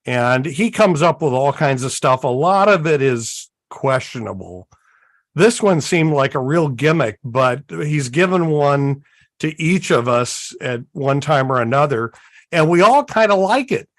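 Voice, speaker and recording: A man talks through gear on a live hobby show in a slow, easygoing way, with plenty of "uh" and "um" along the way. His voice sits in a middle range and sounds dry and close, with no room around it. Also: a little high, lively intonation, dry recording. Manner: unhurried, folksy, many fillers. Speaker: co-host. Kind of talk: casual show-and-tell chat.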